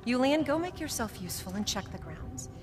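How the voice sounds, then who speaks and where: An actress playing a calm, commanding village matriarch in a video game. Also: female voice, a little high, brisk, over music. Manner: calm, authoritative.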